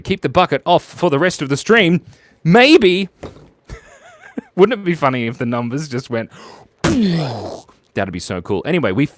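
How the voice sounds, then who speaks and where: Playful man with a bouncy, lively voice. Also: no echo. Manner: playful, jumps to squeaky high bursts of excitement; mumbles quietly while focused on drawing. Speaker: streamer drawing for viewers. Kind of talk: casual live-stream chat while drawing.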